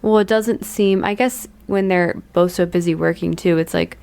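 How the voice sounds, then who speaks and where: A woman's voice: fairly low pitch, fairly even intonation, normal speed, gravelly, a little mellow, clear, resonant tone. A woman co-hosting a podcast in casual chat, thoughtful and reflective. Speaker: podcast co-host.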